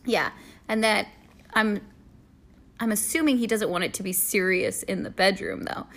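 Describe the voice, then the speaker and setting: A woman's voice: medium pitch, lively intonation, moderate pace, vocal fry, fairly bright tone. A woman co-hosting a casual advice chat, agreeable and giggly, thinking aloud as she goes. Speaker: podcast co-host.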